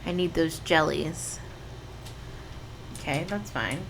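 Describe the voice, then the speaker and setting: A woman's voice: low-pitched, takes it slowly, vocal fry, background noise. A young adult woman streaming a video game at home, chatting casually and talking to her pet. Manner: chatty, talks to her pet in a soft coaxing voice.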